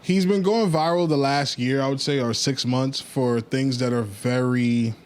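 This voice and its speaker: A man's voice: medium pitch, unhurried, darkish tone. Laid-back male podcast host telling a story. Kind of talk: casual chat.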